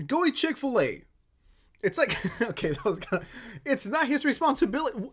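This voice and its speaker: Brief: woman streamer, casual reaction chatter, giggly and foul-mouthed, pitch swings a lot. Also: sing-song, moderate pace. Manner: giggly, swears freely, breaks into laughter.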